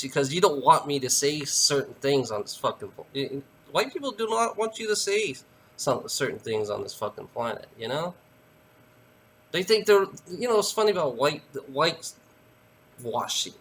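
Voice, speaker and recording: A man's voice: mid-range voice, sharp tone, a little hiss or hum. A man delivering a heated, profane ranting monologue to camera, repeating himself and tagging lines with "you know".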